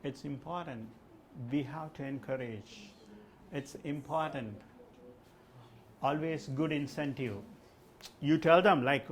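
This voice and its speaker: Guy running a test prep class, kinda high voice, keeps saying like and okay, quizzes the room. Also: slow pace, long pauses, slight background noise. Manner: explanatory, peppered with "like" and "okay"; addresses a class with questions. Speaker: language test trainer. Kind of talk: live classroom lesson.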